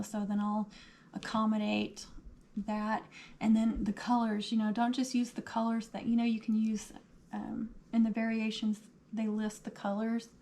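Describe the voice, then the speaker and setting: Craft livestream host: woman with a slightly high, mellow voice, a bit hoarse, easygoing chat. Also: a little hiss or hum. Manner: chatty, answers viewer comments aloud. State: losing her voice.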